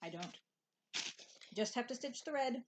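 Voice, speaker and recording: A mother who co-hosts a laid-back stitching show speaks in a fairly high, animated voice at a measured pace, over a noisy background. Her tone is dry and matter-of-fact, and she often restarts sentences and uses fillers.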